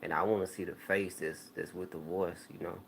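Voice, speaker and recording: Laid-back deep-voiced man rambling to camera. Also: little pitch movement, brisk, gravelly, slight background noise. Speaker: YouTube channel host. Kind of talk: casual talk to viewers.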